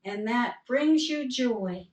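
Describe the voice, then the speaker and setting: A woman reverend giving a sermon, telling parable stories in a gentle, unhurried way. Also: a little high, animated. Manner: slow, gentle storytelling with quoted dialogue. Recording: roomy sound from a distance.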